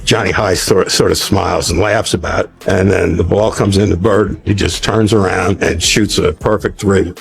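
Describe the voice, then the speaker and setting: A man with a gravelly, husky voice, narrating an anecdote at an even pace. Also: low-pitched, moderate pace, hardly any pauses.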